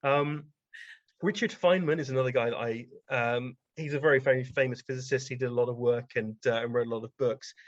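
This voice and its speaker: A man's voice: mid-range voice, steady tone, a little fast, no echo. Rambling male podcast guest, dry sound. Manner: rambling, anecdotal, frequent ums. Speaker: guest science writer. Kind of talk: casual interview storytelling. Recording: dry, slightly dull podcast audio.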